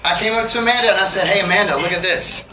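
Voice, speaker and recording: A man's voice: high-pitched, rapid-fire, pushed and bright. A man telling profane, joking stories to a concert audience between songs and acting out the people in them. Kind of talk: storytelling to a live audience. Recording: roomy far-off live recording with crowd noise.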